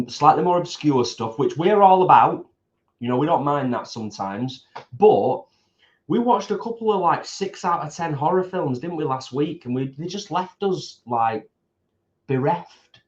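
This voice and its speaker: Bloke rambling about films between bites, bit muffled. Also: male voice, a little high, animated, a little slow. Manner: chatty, rambling, reads viewer comments. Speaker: co-host of a food channel. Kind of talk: casual chat while eating live. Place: home, eating at a table.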